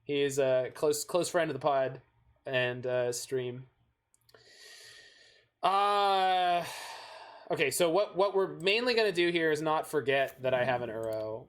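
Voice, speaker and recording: A man's voice: on the high side, a little slow, pauses often, a bit bright. Chatty Canadian man streaming a card game. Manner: chatty, thinks aloud while playing. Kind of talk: casual gameplay chat.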